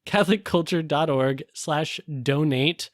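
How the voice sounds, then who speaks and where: Soft-spoken man co-hosting a film podcast. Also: fairly high pitch, measured pace, dry recording, clean studio sound. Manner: hesitant, many fillers and restarts. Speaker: podcast co-host. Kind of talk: casual film review chat.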